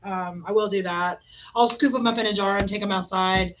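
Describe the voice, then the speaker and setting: A woman in her thirties hosting a podcast, chatting casually and telling animated stories with voiced quotes. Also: mid-range voice, brisk, slight background noise. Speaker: podcast host. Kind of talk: casual chat. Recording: dull lo-fi sound.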